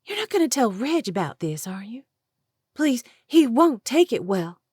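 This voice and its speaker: A woman doing a squeaky, frantic young wife. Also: sing-song, measured pace, dry recording, clean studio sound. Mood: pleading. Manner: pleading, breathless. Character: frantic pleading young wife caught cheating. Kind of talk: audiobook character voice.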